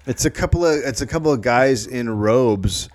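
A man co-hosting a casual comedy chat, teasing his partner with quick jabs and mock questions. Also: mid-range voice, heavy background noise. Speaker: podcast co-host.

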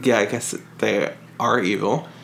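A man's voice: lowish voice, unhurried, gravelly, fairly bright tone, slight background noise. A man co-hosting a podcast, chatting casually and jokingly about a book. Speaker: podcast co-host. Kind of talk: casual book discussion chat.

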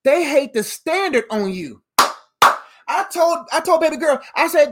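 A woman preaching a sermon in an animated, emphatic way, using slang and calling her listeners "fam.". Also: sits high, a little slow, very noisy.

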